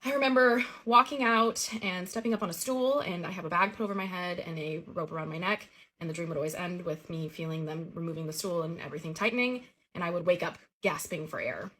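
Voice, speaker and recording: Woman, casual storytelling, fast pace, husky tone. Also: lowish voice, fairly bright tone. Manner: fast, earnest retelling of a childhood dream.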